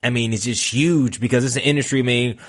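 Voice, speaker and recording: A man hosting a podcast, chatting casually and excitably, full of slang like man and bruh. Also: mid-range voice, quick pace. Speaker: podcast host. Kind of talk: casual interview chat.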